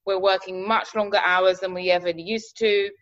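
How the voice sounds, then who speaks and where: A woman hosting an interview as relationship coach, talking haltingly with fillers and restarts. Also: medium pitch, fairly even intonation, a bit bright, muffled recording. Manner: hesitant, many fillers and restarts, encouraging. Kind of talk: interview chat.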